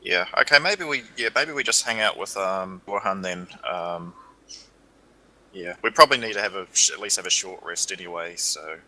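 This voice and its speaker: A man taking part in a tabletop game, chatting casually and thinking aloud with hesitant pauses. His voice is low but has a very bright, forward tone. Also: rough recording. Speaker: player.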